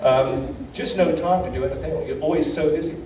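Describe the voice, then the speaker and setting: British guy lecturing, mellow voice, self-deprecating storyteller, distant echoey hall with faint hiss. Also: a little high, brisk. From Britain. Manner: anecdotal, self-deprecating, many fillers. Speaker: guest lecturer. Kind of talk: humorous travel lecture.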